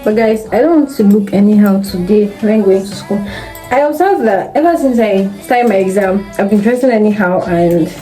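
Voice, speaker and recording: A young woman, chatting excitedly to viewers in a casual vlog from her kitchen, recorded on a propped-up phone. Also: mid-range voice, normal speed, poor audio. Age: young adult. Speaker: student vlogger. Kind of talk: casual vlog chat to camera. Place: home kitchen, indoors. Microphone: phone camera propped up nearby. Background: background music.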